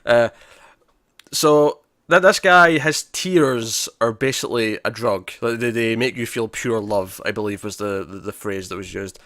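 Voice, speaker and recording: A man from Scotland with a lowish voice talks a little slowly as he co-hosts a casual podcast. There's no echo, and he's animated, playing out lines from scenes.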